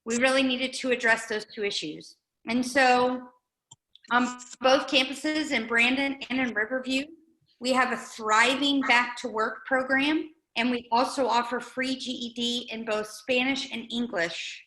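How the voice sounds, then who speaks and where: A woman's voice: on the high side, steady tone, unhurried, pushed and bright, roomy sound, poor audio. A woman giving an earnest, conversational update as a guest speaker at a community meeting. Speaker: guest speaker, nonprofit director. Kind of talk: informal update talk at a meeting.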